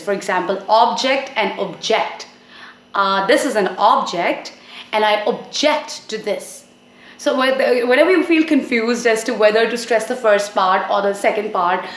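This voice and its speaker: A woman giving a short English pronunciation lesson, explaining clearly and slowing down on example words. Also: mid-range voice, fairly bright tone. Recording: echoey room.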